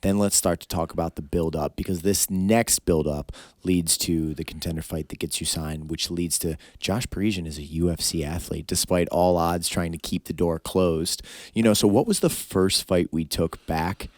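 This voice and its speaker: A man hosting a podcast interview, walking back through a fighter's career in measured, deliberate recaps. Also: deep voice, steady tone, no room sound, clean studio sound. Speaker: podcast host and coach.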